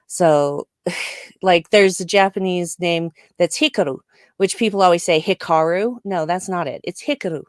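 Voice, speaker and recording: A woman's voice: on the low side, fairly even intonation, measured pace, smooth, no echo, studio quality. A woman co-hosting a live discussion show who speaks emphatically and opinionatedly, laughing often. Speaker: podcast co-host.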